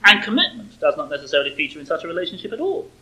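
A man giving a prepared sermon-style lecture, measured and emphatic, with pointed sarcasm. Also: on the high side, big pitch swings, bright, forceful tone, low-quality recording. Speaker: speaker.

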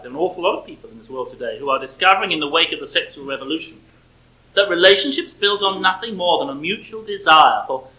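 A man giving a prepared sermon-style lecture, measured and emphatic, with pointed sarcasm. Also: fairly high pitch, sharp tone, poor audio. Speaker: speaker.

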